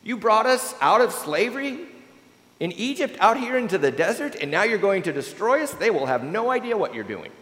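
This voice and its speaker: Desperate old prophet pleading upward, played by a man, high and lively, long church reverb. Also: brisk. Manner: imploring, stammering protest.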